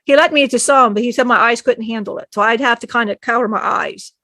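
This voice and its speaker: A woman's voice: a little high, fast, pushed and bright, dry recording. A woman channeling a spirit, telling an emotional personal story in a rambling way, often acting out what others said and laughing.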